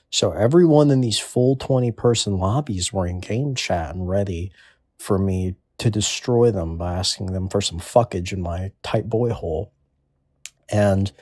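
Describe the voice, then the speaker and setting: A man in his twenties with a lowish voice, rambling through a crude comedic monologue in an offhand manner. The recording is dry and close, with no room sound. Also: a little mellow, no echo. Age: 20s. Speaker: comedic storyteller.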